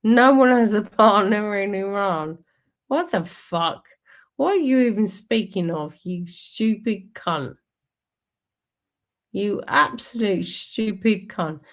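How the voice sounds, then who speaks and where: A woman's voice: mid-range voice, expressive, takes it slowly. A woman streaming, ranting angrily and sarcastically over a played speech, swearing constantly.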